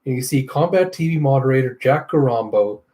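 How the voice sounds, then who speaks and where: A man casually reading a comic aloud, narrating panels with relaxed asides. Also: medium pitch, brisk. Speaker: comic readthrough host.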